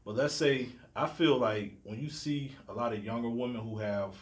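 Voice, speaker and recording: A man's voice: medium pitch, steady tone, moderate pace. Agreeable man in podcast chat. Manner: agreeable, lots of affirmations. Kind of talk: casual chat.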